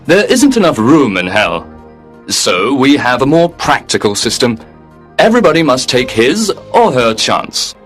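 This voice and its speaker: A man's voice: medium pitch, sing-song, unhurried, soft background music. A man playing a polite, unbending receptionist at heaven's gate, speaking formally and with detachment. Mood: calm.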